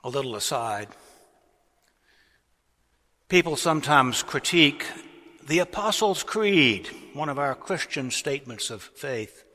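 A man's voice: medium pitch, lively intonation, pushed and bright. A man delivering a sermon from the pulpit, taking his time over each phrase and letting his voice swell on the key words. His words ring out through a large cathedral, trailing a long echo. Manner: slow, deliberate preaching with swelling emphasis. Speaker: pastor.

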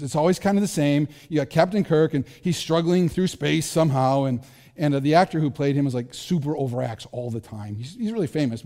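A man's voice: medium pitch, dark tone, big-room sound. A middle-aged man preaching a sermon as pastor, conversational and self-deprecating, with frequent restarts.

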